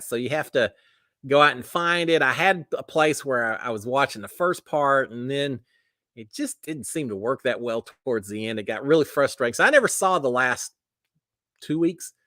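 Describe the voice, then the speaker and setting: Chatty man with a lively voice. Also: mid-range voice, brisk, dry recording. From United States. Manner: chatty and rambling, many fillers and restarts. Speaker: live stream host. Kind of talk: casual chat reading viewer comments.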